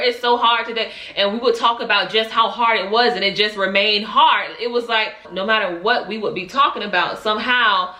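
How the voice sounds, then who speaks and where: Bright candid woman in an echoey room. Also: medium pitch. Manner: emotional, candid, Southern-tinged slang. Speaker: vlogger. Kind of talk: confessional vlog storytelling.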